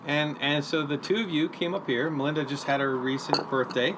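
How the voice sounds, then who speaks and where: A man's voice: fairly high pitch, a little fast, noisy background. A man hosting a casual, joking chat out on a deck in the woods. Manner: joking, then reads a quote aloud. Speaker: podcast host. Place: outdoor deck in the forest. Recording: faint ukulele music behind.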